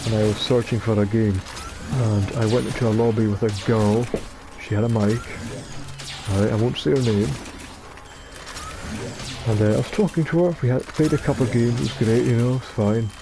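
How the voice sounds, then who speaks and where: Here the streamer's voice sits in the mid range, with fairly even intonation and a normal speed. He's a tired young Scottish gamer chatting while he plays online, rambling, cracking jokes and swearing often.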